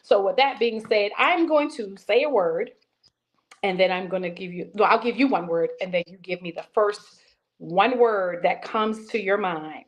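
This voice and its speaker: A woman's voice: medium pitch, moderate pace. A middle-aged woman hosting a talk show, speaking in a heartfelt, preacherly way and calling listeners "baby". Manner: warm preacherly encouragement, calls listeners baby. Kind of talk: casual interview chat.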